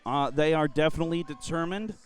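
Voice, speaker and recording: A man's voice: on the high side, quick pace, faint music behind. A man doing live roller derby commentary, reading team rosters and hyping up the event. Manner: upbeat, hypes the event.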